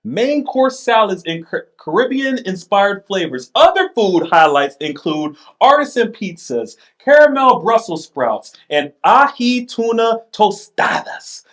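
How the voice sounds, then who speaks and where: A man's voice: high voice, big pitch swings, unhurried, hardly any pauses, fairly bright tone. A man hosting a casual chat, reading items aloud with playful asides and laughs. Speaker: podcast host.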